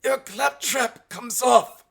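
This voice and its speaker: A man reading an audiobook as its narrator, in a steady, plain manner. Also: very high-pitched, takes it slowly, gravelly. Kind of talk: scripted narration.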